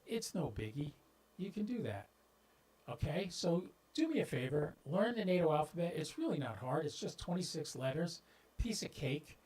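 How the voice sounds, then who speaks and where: A man's voice: on the high side, very animated, moderate pace, darkish tone, breathy edge, low-quality recording. A man hosting a ham radio livestream, talking straight to viewers in a folksy, joking way about radio practice, with a clip-on mic on his shirt. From southeastern US. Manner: folksy, talks directly to viewers, stumbles into jokes. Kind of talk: casual livestream talk. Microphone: clip-on microphone on shirt. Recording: popping and scratching from mic.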